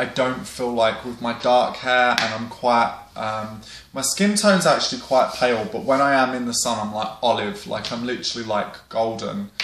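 A man's voice: mid-range voice, noisy background. A young man from England, talking casually to camera with a rambling, um-filled style and plenty of swearing. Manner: rambling, many ums, swears freely. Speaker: vlogger. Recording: roomy echo.

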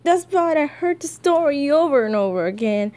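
A woman's voice: high-pitched, lively intonation, normal speed, darkish tone. A woman chatting casually about her comic dubs as a VTuber, in a rambling, self-amused way.

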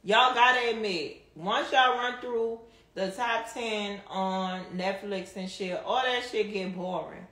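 A woman's voice: medium pitch, slow. A woman chatting casually with viewers on a live stream, answering comments and laughing often. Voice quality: strong Southern drawl, relaxed slang. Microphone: phone. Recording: echoey room, faint background hum.

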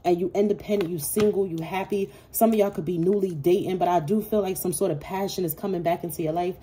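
A woman's voice: fairly low pitch, steady tone, quick pace, mellow, slight background noise. A woman giving a casual tarot reading to her viewers, talking bluntly and swearing freely. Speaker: tarot reader.

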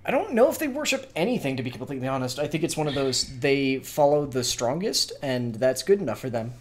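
A man's voice: mid-range voice, big pitch swings, fairly quick, darkish tone. A man co-hosting a casual podcast, explaining fantasy game lore and correcting pronunciation with authority. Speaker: podcast co-host. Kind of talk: casual chat about tabletop game world-building.

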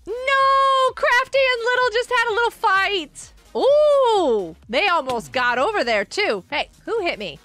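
A woman with a very high, bright voice gives live gameplay commentary with plenty of giggles. Her pitch swings widely as she reacts to what happens on screen, chats to her viewers and takes her time over each thought. Soft music plays underneath. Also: unhurried, few pauses. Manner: giggly, excitable, chatting to viewers. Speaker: live streamer.

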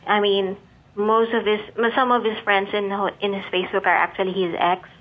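A woman's voice: mid-range voice, flat delivery, moderate pace, fairly bright tone, poor audio. A woman, calling into a show and chatting in a giggly way. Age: 20s. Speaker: caller. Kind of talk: call-in phone conversation.

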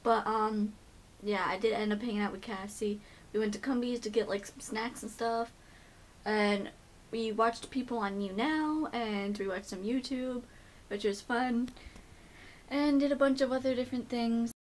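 Talking at normal speed in a fairly high pitch, a young woman chats through a casual vlog. She rambles, leans heavily on "like" and "um," and slips into gushing baby talk with her pets.

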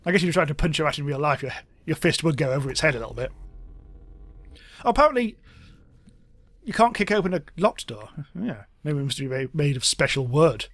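Lively, wry man playing a game. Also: fairly high pitch, brisk, pauses often, no room sound. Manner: chatty, wry, exclaims at game events. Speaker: gaming YouTuber. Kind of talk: let's play commentary.

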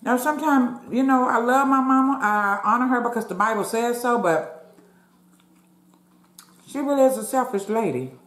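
A woman's voice: a little high, normal speed, pauses often, fairly bright tone, echoey room. A woman vlogger chatting casually to viewers while she eats, sometimes talking with her mouth full. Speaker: mukbang vlogger. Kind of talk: casual chat while eating.

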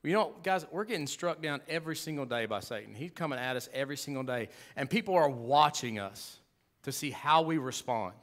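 A man preaching a sermon as pastor, emphatic and conversational, swinging from loud to hushed with humorous asides. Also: medium pitch, lively intonation, brisk.

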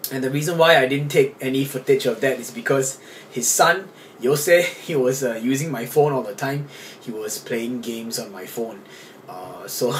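Rambling young man vlogging on a camera. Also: mid-range voice. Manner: rambling, with many fillers and restarts. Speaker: vlogger, dancer. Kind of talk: casual vlog chat. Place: hotel room, then a cold street at night. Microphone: handheld camera. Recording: camera audio with clear background noise.

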